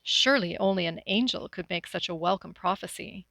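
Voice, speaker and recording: A woman from Northwestern Ontario reading her own adventure story aloud in a measured, expressive way. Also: fairly low pitch, gravelly, no room sound, poor audio. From Northwestern Ontario, Canada.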